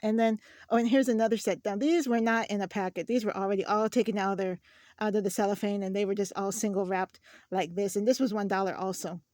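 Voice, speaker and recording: A woman's voice: mid-range voice, steady tone, fast, darkish tone, dry recording, clean studio sound. A woman hosting a craft channel, chatting casually through a shopping haul and telling stories with many restarts. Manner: chatty, storytelling, frequent restarts.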